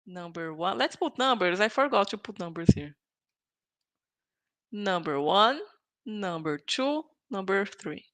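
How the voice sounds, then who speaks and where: Bright-voiced woman teaching English slowly. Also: medium pitch, animated. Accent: Brazilian Portuguese. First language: Portuguese. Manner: patient, drills pronunciation by repeating phrases slowly. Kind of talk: online vocabulary lesson.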